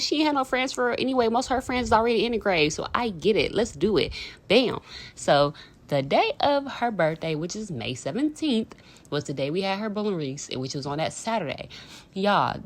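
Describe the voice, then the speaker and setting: Animated woman telling a story. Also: mid-range voice. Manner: animated, dramatic, slangy storytelling. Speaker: vlogger. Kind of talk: casual storytime.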